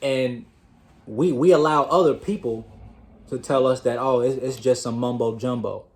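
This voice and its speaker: A man's voice: mid-range voice, moderate pace. A man hosting his own channel, giving a casual motivational talk straight to his audience, calling them y'all and repeating words as he finds his thoughts. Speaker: host of a self-improvement channel.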